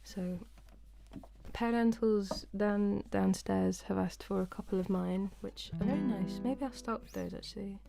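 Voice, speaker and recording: A woman's voice: mid-range voice, unhurried, gravelly, over music. A woman, a singer-songwriter chatting casually and giggling to viewers on her live stream from home. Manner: chatty, giggly and self-deprecating.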